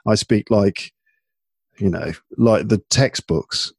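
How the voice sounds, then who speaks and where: A man from England in a laid-back podcast conversation, talking in a lowish voice. He's chatty and loose, often trailing off and restarting his sentences, recorded close and dry. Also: slow pace, gravelly, breathy edge, dry recording. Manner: relaxed, chatty, frequent fillers and restarts. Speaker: podcast host and English teacher.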